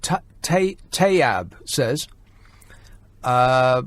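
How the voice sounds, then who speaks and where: A man's voice: medium pitch, very animated, moderate pace. A man hosting a talk radio phone-in, sardonic and mocking, laughing often.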